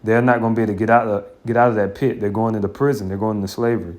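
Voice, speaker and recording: A man's voice: on the low side, fairly even intonation, rapid-fire, a little mellow. A man teaching scripture in an informal, blunt and colloquial way, with scornful asides. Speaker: Bible teacher.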